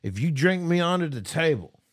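A man voicing a drunk, pushy man at a bar, in a high put-on voice while telling a story. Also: sing-song, a little fast. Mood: boozy.

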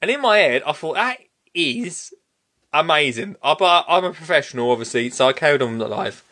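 A man hosting a podcast, telling a story in a casual, animated way and laughing often. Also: fairly high pitch, fast. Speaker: podcast host.

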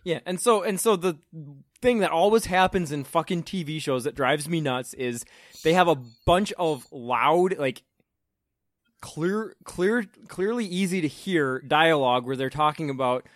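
Young man co-host, dry close mic, animated sarcastic banter. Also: fairly high pitch, a little slow, no room sound. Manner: sarcastic, swears, joking. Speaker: podcast co-host. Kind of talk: casual recap chat.

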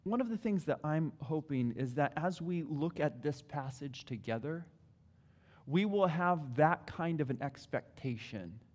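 A man preaching a sermon in a hall, animated, acting out prayers in different voices. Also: sits high. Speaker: pastor. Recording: long hall reverb.

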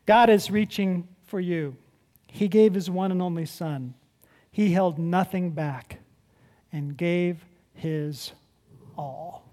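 Speaking slowly in a mid-range voice, a pastor delivers an animated, conversational sermon. He poses rhetorical questions to the congregation and shifts back and forth between loud and hushed.

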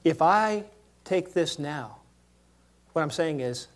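A man preaching a sermon in a church, moving between quiet asides and loud acted-out quotes. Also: a little high, expressive, slow pace. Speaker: pastor.

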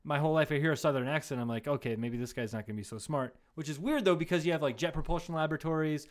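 A man's voice: fairly high pitch, rapid-fire. A man co-hosting a comedy podcast, chatting casually, swearing freely and laughing often as he rambles through stories. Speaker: podcast co-host. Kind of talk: casual chat.

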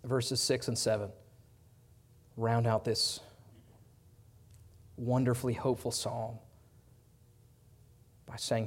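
A man preaching a sermon in an earnest way, rising loud on his appeals and dropping soft on quiet lines. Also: mid-range voice, little pitch movement, slow, long pauses. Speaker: pastor.

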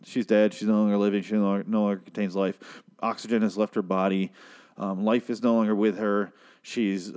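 A man giving a crude, sarcastic recap of a TV episode, tossing in quick asides. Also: lowish voice, level tone, a little mellow, clear, resonant tone. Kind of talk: casual profane TV recap.

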